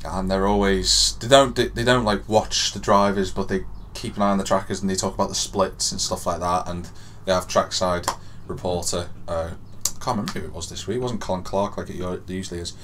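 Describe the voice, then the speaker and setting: A young man co-hosting a podcast, telling an excited story that swings from hushed to loud. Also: deep voice, brisk, slight background noise. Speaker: podcast co-host. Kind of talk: excited casual chat.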